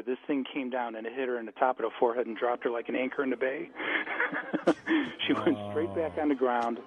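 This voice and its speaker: A man's voice: mid-range voice, fairly quick, a crowd in the background. A male caller telling a funny story over a phone line on a radio show. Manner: animated storyteller. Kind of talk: phone-in anecdote.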